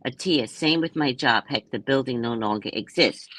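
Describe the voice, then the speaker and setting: A woman's voice: very deep voice, normal speed, hardly any pauses, fairly bright tone. A woman in her sixties, chatting casually and playfully with viewers on a live stream, laughing as she talks. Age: 60s. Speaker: live stream host and psychic reader. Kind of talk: casual live chat answering comments.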